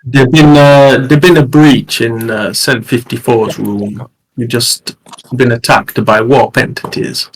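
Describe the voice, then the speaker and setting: A man's voice: medium pitch, fairly even intonation, a little slow, slight background noise, close to an everyday voice, rough recording. A man voicing a laid-back male agent on a starship in a put-on Jamaican accent, tagging his sentences with "man". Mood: urgent. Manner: drawls and tags sentences with "man".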